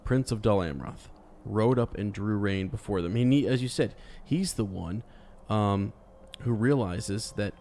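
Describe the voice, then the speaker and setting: Podcast co-host, a man with a lowish voice, talks in a halting, easygoing way. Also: dark tone, a little hiss or hum. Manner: halting, many restarts, laughs easily. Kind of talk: casual book discussion chat.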